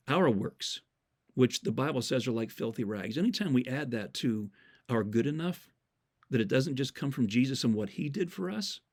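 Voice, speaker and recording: An earnest man delivers a sermon-style message at an ordinary mid pitch. He repeats key words for emphasis and quotes scripture verses from memory as he tells stories. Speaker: Christian speaker.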